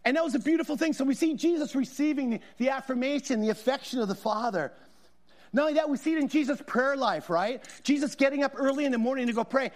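A man's voice: extremely high pitch, expressive, fast. A middle-aged man, a guest pastor, preaching a sermon in a conversational, storytelling way with emphatic repetition. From Southern California.

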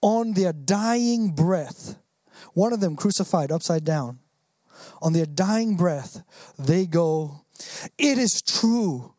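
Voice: mid-range voice, slow pace, mellow, no room sound, studio quality. A preacher giving an earnest, emphatic sermon, acting out the quoted lines in different voices.

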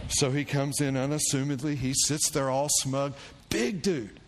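Pastor, male, animated sermon storyteller who acts out the voices of the people in his story, in a church with a long reverb tail. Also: moderate pace, a faint crowd. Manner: animated storyteller, acting out quoted voices with big pitch jumps. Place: church sanctuary. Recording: long church reverb with faint room noise.

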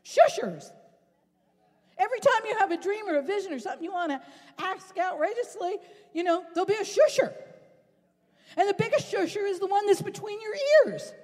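Woman preacher, very high voice, punchy rhetorical sermon, big echoey hall. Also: brisk, pauses often. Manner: animated, rhetorical, often rising to a shout. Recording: long reverb in a large hall.

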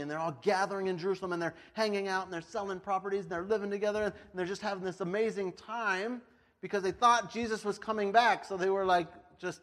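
Brief: male pastor, high voice, casual storytelling sermon, laughs often. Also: a bit bright. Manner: chatty, laughs often, lots of "like".

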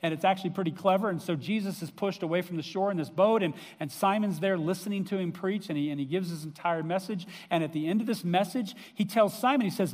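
A man's voice: sits high, quick pace, hardly any pauses, darkish tone. A man preaching a sermon in a conversational storytelling way, with fillers. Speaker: pastor. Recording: long reverb of a hall.

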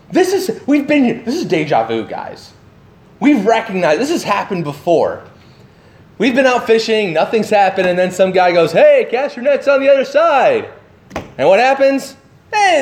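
A man giving a sermon, animated and full of questions to his listeners, acting out the voices of the people in his story. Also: a little high, roomy sound, slight background noise. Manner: animated, acts out voices of the disciples; asks the listeners many questions. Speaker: pastor.

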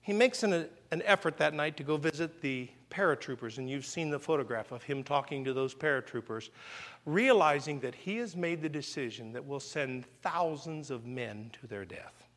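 A man preaching a sermon in a church, telling stories with lively swings between loud outbursts and hushed, slow emphasis. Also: fairly high pitch, big-room sound. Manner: animated storytelling, swings from loud exclamations to quiet emphasis.

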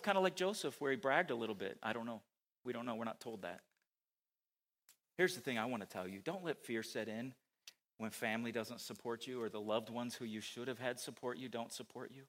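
A man preaching a sermon, animated, who asks his listeners many rhetorical questions. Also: medium pitch.

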